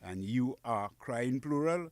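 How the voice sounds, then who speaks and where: A man's voice: medium pitch, expressive, a little mellow, no room sound. Patient man, dry studio. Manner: patient, repeats phrases slowly, chuckles. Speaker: guest teaching Kokoy dialect. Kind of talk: casual radio language lesson. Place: radio studio.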